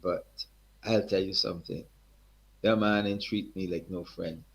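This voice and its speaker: Husky older storyteller man. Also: deep voice, measured pace. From Barbados. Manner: animated, colloquial, leans on "man" and "you know". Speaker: guest, calypsonian. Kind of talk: storytelling in a sit-down interview. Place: living-room studio set.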